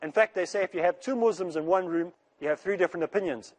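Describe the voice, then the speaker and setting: A man giving an earnest religious lecture in a rushing, rapid delivery, repeating phrases to make his point. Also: sits high. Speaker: Islamic speaker.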